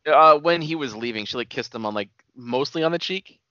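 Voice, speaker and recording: A man's voice: medium pitch, animated, brisk, bright, forceful tone, no room sound, lo-fi sound. A man co-hosting a casual podcast, dryly recapping a film's plot and swearing now and then. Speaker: podcast co-host. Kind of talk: casual movie chat.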